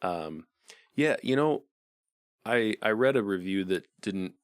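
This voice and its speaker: A man co-hosting a movie podcast, easygoing and agreeable in casual chat, and quick to laugh. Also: lowish voice, expressive, no room sound, studio quality. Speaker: podcast co-host.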